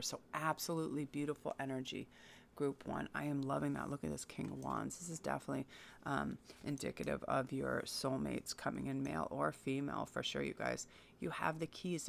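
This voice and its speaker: A woman's voice: low-pitched, vocal fry, a little hiss or hum. A woman giving a casual tarot reading to her viewers, chatty, enthusiastic and encouraging. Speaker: tarot reader.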